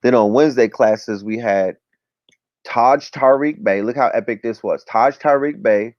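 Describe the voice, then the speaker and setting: A man's voice: mid-range voice, unhurried, a little mellow, no echo. Slangy man hosting a dry lo-fi livestream. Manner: loose, slangy, repeats "you know what I'm talking about". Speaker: livestream show host. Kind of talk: casual livestream chat with viewer shout-outs. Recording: dry, dull lo-fi stream audio.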